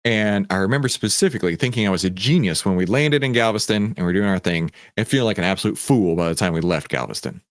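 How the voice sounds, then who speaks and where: A man hosting a live trading Q&A stream, talking in an animated, rambling, self-mocking way. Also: lowish voice, fast, few pauses, no room sound, clean studio sound. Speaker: trading coach and stream host.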